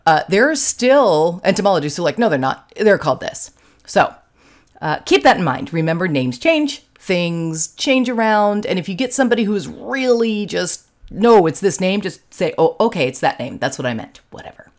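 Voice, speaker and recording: A woman's voice: mid-range voice, sing-song, normal speed. A woman with a Southern US accent giving a casual, joking science lecture with frequent fillers. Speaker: lecturer in forensic entomology. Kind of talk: recorded lecture with slides.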